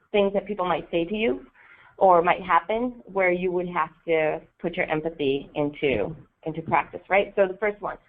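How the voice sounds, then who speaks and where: A woman leading a volunteer training session in a casual way, with many ums and a frequent "right?". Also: lowish voice. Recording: tinny phone-like audio.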